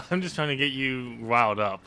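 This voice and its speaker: A man's voice: mid-range voice, moderate pace, pushed and bright. A man co-hosting a casual wrestling podcast, dry and laughing often as he steers the talk. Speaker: podcast co-host.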